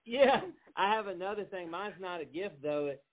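A man's voice: high-pitched, moderate pace. A man with a Southern accent hosting a casual interview, asking questions hesitantly with many fillers. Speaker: podcast host. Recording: narrow phone-like sound.

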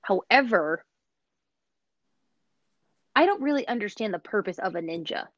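A woman's voice: medium pitch, expressive, moderate pace, dry recording, muffled recording. A woman in casual chat, talking in an opinionated way with lots of fillers. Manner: chatty, opinionated, many "like" fillers.

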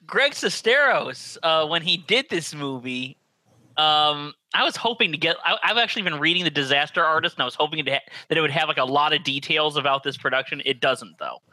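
A man co-hosting a casual movie review podcast, telling an animated story and laughing a lot. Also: on the high side, dry recording, rough recording. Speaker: podcast co-host.

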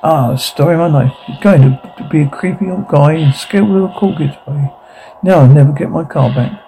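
A man's voice: on the high side, fairly quick, creaky, warm tone, soft background music, low-quality recording. An actor playing a brash young man who throws parties and schemes, with crude, swaggering banter. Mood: scheming.

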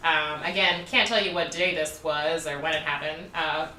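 A woman's voice: low-pitched, fairly even intonation, normal speed, bright, forceful tone, slight background noise. A woman in her twenties co-hosting a podcast, telling a travel story in casual chat, candid and laughing, with lots of fillers. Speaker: podcast co-host. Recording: roomy, a bit far from the mic.

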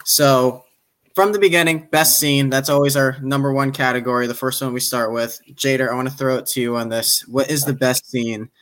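A man's voice: mid-range voice, fairly even intonation, fairly quick, fairly bright tone. A man hosting a podcast, steering the talk and handing topics to his co-hosts. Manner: moderating, hands out topics to others. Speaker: podcast host.

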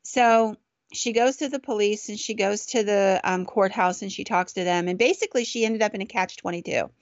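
A woman's voice: medium pitch, a little fast, no room sound. A woman podcast host casually telling a ghost story in a chatty, conversational way, on a dull, dry recording.

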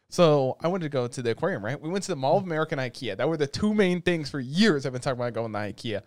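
A man co-hosting a podcast, telling a long animated rant in casual chat. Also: fairly high pitch, fast talker, dry recording, clean studio sound. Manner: animated ranting storyteller. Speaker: podcast co-host.

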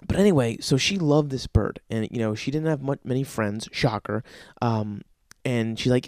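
A man's voice: mid-range voice, moderate pace, a little mellow, no echo, clean studio sound. A young man telling a rambling, profane comic story about his own life. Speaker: comedian.

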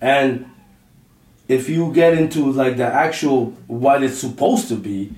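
A man's voice: mid-range voice, measured pace. Man talking casually in a roomy echo. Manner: animated, repeats himself, slang-heavy. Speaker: podcast co-host. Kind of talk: casual chat. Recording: roomy echo, mic at a distance.

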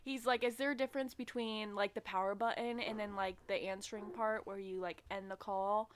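A young woman co-hosting a podcast, telling relaxed everyday anecdotes. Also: medium pitch, fairly quick, a little hiss or hum. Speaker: podcast co-host. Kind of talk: casual chat.

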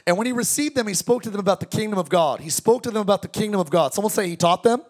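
A man with a high, bright voice preaches to a tent congregation. He keeps it lively, with jokes and questions thrown out to the crowd. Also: very fast. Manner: energetic, joking preaching with audience call-outs. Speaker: pastor. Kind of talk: sermon. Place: large tent church.

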